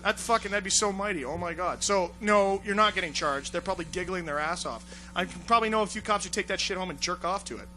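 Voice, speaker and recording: A man hosting a talk show, telling crude stories loudly with lots of swearing and laughter, often acting out voices. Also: sits high, quick pace, soft background music. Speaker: show host. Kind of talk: crude comedic storytelling banter.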